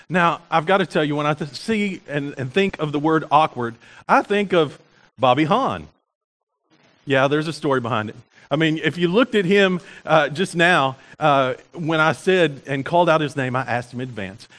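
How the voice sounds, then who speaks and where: Male pastor, high voice, casual storytelling sermon, lots of fillers. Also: fairly bright tone. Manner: conversational, storytelling with frequent fillers and restarts. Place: church sanctuary.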